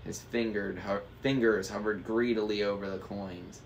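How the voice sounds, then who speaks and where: A man's voice: low voice, fairly even intonation, moderate pace, creaky, hardly any pauses, a little hiss or hum. A man reading a novel aloud in a casual way, stumbling now and then over hard words. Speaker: book reader.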